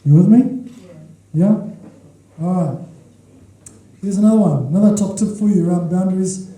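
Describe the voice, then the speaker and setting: A man's voice: sits high, normal speed, dark tone. A man preaching a sermon as a pastor, emphatic, repeating his key points and checking in with the congregation. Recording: echoey hall from far off.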